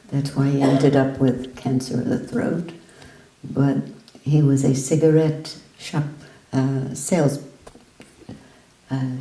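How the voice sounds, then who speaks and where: A woman giving a spiritual talk in an ashram hall, telling an anecdote in a slow, storytelling way. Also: rumbling low, mellow. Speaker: spiritual speaker. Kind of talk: talk with readings.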